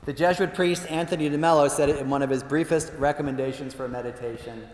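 A man's voice: on the high side, fairly even intonation, quick pace. A man, a priest, giving a humorous talk to an audience, telling stories with playful asides. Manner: playful storyteller with frequent asides. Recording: roomy hall reverb, faint background noise.

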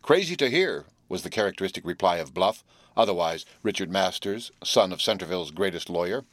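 Low-voiced man narrating an audiobook. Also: dry recording. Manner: measured storytelling.

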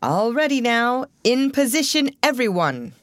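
A man's voice: sits high, expressive, normal speed, no echo, clean studio sound, voice pushed up. A woman voicing a commanding, impatient male stage director. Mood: brisk. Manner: commanding, sharp.

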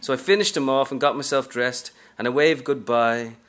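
A man's voice: mid-range voice, moderate pace, a bit bright, close to an everyday voice. A man reading aloud from a novel, narrating as a brash, streetwise aging woman hustler in a sassy first-person style.

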